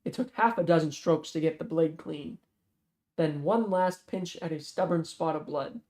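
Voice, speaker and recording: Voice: medium pitch, normal speed, reverberant. A reader narrating a thriller novel aloud in a casual way, often stopping to correct and restart phrases. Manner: steady narration with frequent self-corrections and restarts.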